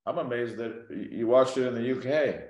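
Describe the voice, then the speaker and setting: A man being interviewed as an actor, answering thoughtfully with many pauses and ums, and teasing now and then. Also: medium pitch, darkish tone, muffled recording. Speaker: actor guest. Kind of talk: casual press interview. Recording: roomy echo.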